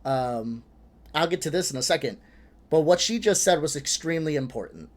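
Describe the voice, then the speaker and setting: A man hosting a reaction video, talking in a frustrated, animated way, swearing and laughing between points. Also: a little high, fairly quick. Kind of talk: casual reaction commentary.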